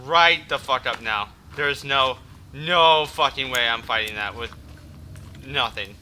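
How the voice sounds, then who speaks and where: A man's voice: mid-range voice, a little slow, bright, forceful tone, slight background noise. A man doing let's play commentary, swearing constantly and yelping in panic at enemies over game sounds. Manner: profane, panicky, yelps and curses at enemies. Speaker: gaming YouTuber.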